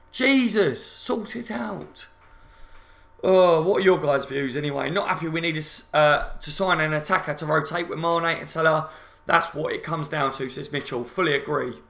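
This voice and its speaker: A fired-up man rants through a live fan reaction stream, swearing and repeating himself as he talks to his viewers. His voice is bright and forceful, sitting a little high. The room around him is echoey. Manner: angry, sweary, repetitive ranting; addresses viewers as guys, reads out chat comments. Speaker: football fan channel host.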